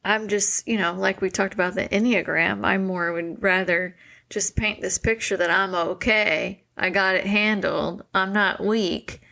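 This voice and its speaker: Woman, 40s, podcast co-host, gravelly voice, candid and laugh-prone, casual chat. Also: medium pitch, a little slow. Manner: candid, laughs often, animated retelling.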